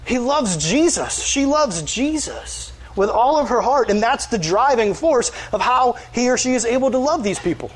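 A man's voice: very high-pitched, animated, moderate pace, few pauses, slight background noise. A male pastor, preaching in an earnest, conversational way and acting out quoted voices. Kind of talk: sermon.

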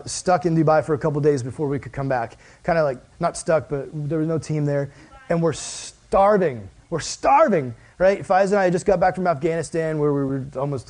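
Man, young adult, high-pitched voice, preacher, casual storytelling sermon, animated and joking, acts out voices.

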